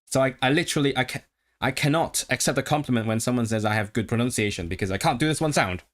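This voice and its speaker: A man of ordinary pitch talking casually to his livestream audience. He thinks out loud, often restarting sentences. Now and then he breaks off to practice rolling his Rs. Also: quick pace. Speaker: streamer.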